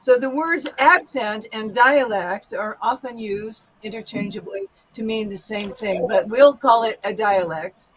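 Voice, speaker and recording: A woman with a General American accent, patiently explaining accents to an online class with clear examples. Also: medium pitch, a little slow, few pauses, crowd noise, poor audio. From United States. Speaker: guest teacher.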